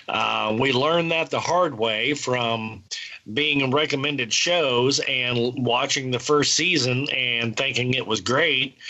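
A man's voice: mid-range voice, pushed and bright, muffled recording. A man who hosts a TV review show, chatting casually and giving long explanatory answers. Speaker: podcast host reviewing TV shows. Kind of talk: casual chat.

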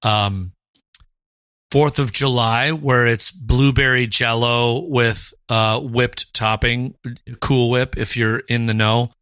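Bright-voiced podcast co-host chatting. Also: male voice, medium pitch, takes it slowly, clear, resonant tone, dry recording. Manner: animated, quotes lines in put-on voices. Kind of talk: casual chat.

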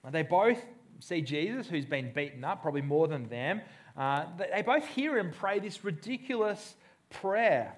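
A man's voice: fairly high pitch, big pitch swings, moderate pace. A man preaching a sermon in a conversational way, acting out the voices he quotes. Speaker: pastor.

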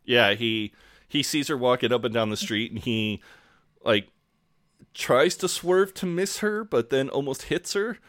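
A man co-hosting a podcast, recapping a show in relaxed casual chat with lots of fillers. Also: mid-range voice, unhurried, dry recording, studio quality. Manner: relaxed, many fillers, acts out quotes. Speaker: podcast co-host.

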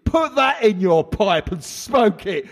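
Cocky, cornered crook for a comedy skit ad, high put-on voice, slow and gloating; a man voices him. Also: sing-song, gravelly, full character voice. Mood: smug taunting. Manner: cocky, taunting. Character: smug cornered male criminal bargaining.

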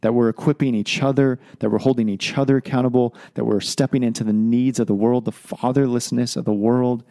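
A man's voice: medium pitch, steady tone, brisk, hardly any pauses, mellow, dry recording. A man hosting a podcast, making a heartfelt, pleading appeal in casual speech full of "man" and "dude". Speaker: podcast host.

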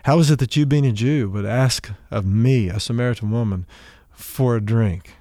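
A man voicing a wary Samaritan woman at a well, speaking slowly and questioningly. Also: medium pitch, warm tone, dry recording, clean studio sound, close to an everyday voice. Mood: doubtful.

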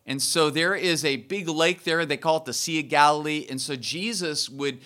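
A man's voice: fairly high pitch, moderate pace, sharp tone. A man preaching a sermon to his church in a conversational way, often restarting phrases and building to emphatic peaks. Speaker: pastor.

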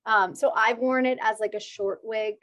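Laughing, chatty woman with a slightly high voice. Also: fairly even intonation, normal speed, a bit bright, no echo. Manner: chatty storyteller, laughs often. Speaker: podcast guest. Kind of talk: casual chat.

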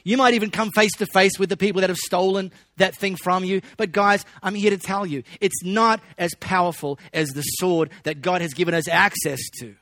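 Aussie pastor guy preaching, chatty and jokey, slightly higher voice, dry close sound. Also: fairly even intonation, moderate pace, hardly any pauses, a bit bright, no room sound. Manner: conversational, joking asides to the congregation. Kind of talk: sermon.

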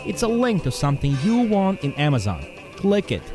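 A man's voice: high-pitched, wildly swooping pitch, moderate pace, music in the background. A man reading a scripted station promo in a snarky, bossy tone.

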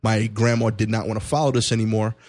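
A man's voice: fairly low pitch, flat delivery, fast, darkish tone, dry recording, studio quality. A man as a podcast guest, laid-back in casual chat.

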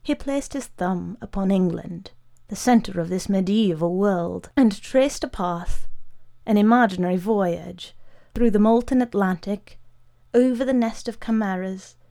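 A woman narrating a literary short story in a measured, unhurried way. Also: medium pitch, creaky, warm tone.

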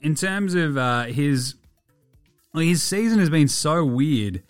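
An Australian man hosting a casual sports podcast, animated, swearing freely and laughing often. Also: fairly high pitch, slow pace, no echo, faint music behind. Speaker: podcast host.

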